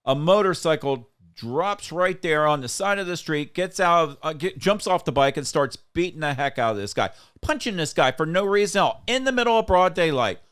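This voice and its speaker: A man's voice: fairly high pitch, expressive, a little fast, hardly any pauses, a bit bright, clear, resonant tone. A man hosting a political podcast who rants emphatically and tells anecdotes in casual talk. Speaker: podcast host.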